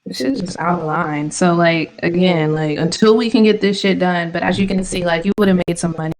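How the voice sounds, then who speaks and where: A woman's voice: lowish voice, brisk, darkish tone, poor audio. A woman vlogging her trades in casual live commentary, slangy and irritated, swearing often. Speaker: trading vlogger.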